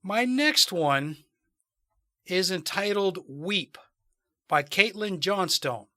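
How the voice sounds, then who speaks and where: A man hosting a show, reading poems aloud in a measured, solemn way. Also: high voice, animated, bright, forceful tone. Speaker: host and storyteller.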